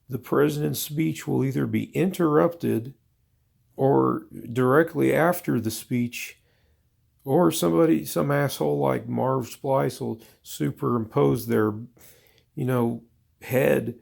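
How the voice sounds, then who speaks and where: Gravelly, slow-ranting man. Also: medium pitch, a little mellow. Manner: exasperated, profane, rambling ranting. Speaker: vlogger. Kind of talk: profane comedic rant.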